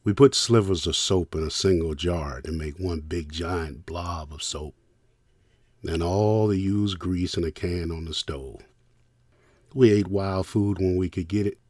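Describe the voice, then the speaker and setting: An older man from Richmond hosting a storytelling podcast, reminiscing in the first person and thanking listeners warmly. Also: sits low, measured pace, no echo, clean studio sound. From Richmond, United States. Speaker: podcast host and producer.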